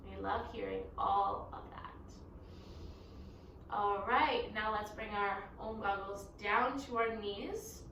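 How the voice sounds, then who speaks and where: A young woman teaching a children's yoga class, giving gentle, encouraging instructions. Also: medium pitch, steady tone, slow, a little hiss or hum. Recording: echoey room, mic at a distance.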